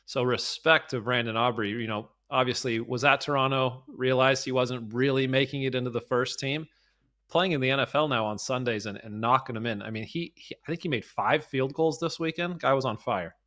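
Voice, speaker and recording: Thirties guy, ex-player vibe, animated soccer chat, pokes fun at himself. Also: medium pitch, fairly quick. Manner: animated, self-mocking storyteller. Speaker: soccer analyst, former player. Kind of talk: casual sports chat.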